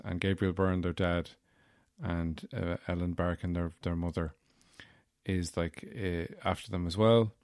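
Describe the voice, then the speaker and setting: A man's voice: deep voice, dry recording, clean studio sound. A man hosting a solo podcast, rambling through a casual, jokey chat with the odd swear. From Ireland. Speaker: podcast host.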